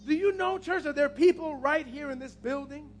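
A man's voice: very high voice, a little fast, a little hiss or hum. A man preaching a passionate sermon as pastor, repeating his key phrases.

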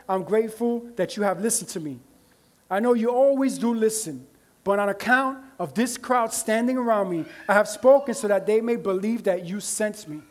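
A man's voice: high-pitched, a little mellow. A man preaching a sermon as pastor, in a conversational style with frequent "right?" asides to the congregation.

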